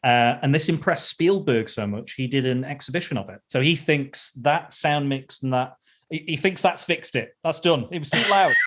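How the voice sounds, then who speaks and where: A man's voice: medium pitch, normal speed, a bit bright. A man hosting a podcast, chatting casually about a film and often repeating and restarting his phrases. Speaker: podcast host. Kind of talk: casual film review chat.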